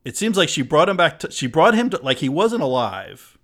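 A man co-hosting a casual film podcast, easygoing and agreeable, quick to laugh. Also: on the high side, very animated, a bit bright. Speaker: podcast co-host.

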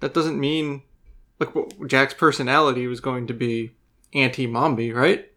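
A man's voice: mid-range voice, fairly even intonation, normal speed, sharp tone. Thoughtful man podcast co-host. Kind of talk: casual film discussion.

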